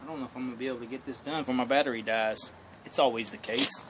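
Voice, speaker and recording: A man's voice: medium pitch, steady tone, very fast. A man joking around and talking to himself and his viewers while working by a fire outdoors, filmed on a phone. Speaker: hobby metalworker. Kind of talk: casual self-filmed commentary. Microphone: phone camera. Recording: loud outdoor noise on phone.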